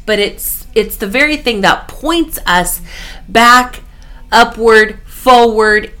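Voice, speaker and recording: A woman's voice: medium pitch, pushed and bright. A woman hosting a devotional podcast, delivering an earnest, emphatic faith talk.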